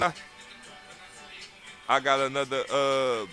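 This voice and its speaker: A man's voice: mid-range voice, measured pace, creaky, bright, forceful tone, faint music behind. A young man, a rapper guest, chatting casually between freestyles, slangy and repeating himself, laughing nervously. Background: faint beat playing.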